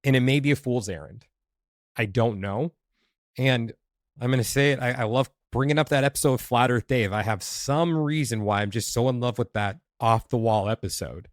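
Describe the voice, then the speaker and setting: A man's voice: medium pitch, moderate pace, no echo, clean studio sound. A man hosting a podcast, talking candidly and thinking aloud, with restarts and playful asides. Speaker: podcast host, past life regressionist. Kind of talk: casual conversation.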